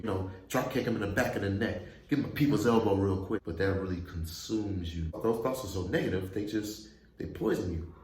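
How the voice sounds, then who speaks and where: A man hosting a casual, chatty reaction commentary who laughs often. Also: low-pitched. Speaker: host. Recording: echoey room, faint noise.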